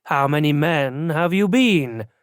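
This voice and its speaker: Guy reading as a calm bossy woman investigator, measured, bit higher voice, dry recording. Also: dry recording. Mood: cool. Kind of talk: audiobook character voice.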